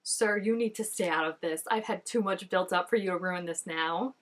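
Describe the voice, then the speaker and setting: A woman's voice: fairly low pitch, moderate pace, a bit bright. A young adult woman reacting to a TV episode in a casual, chatty way. She uses lots of fillers, laughs often and makes mock-dramatic exclamations at the screen. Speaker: TV reaction vlogger.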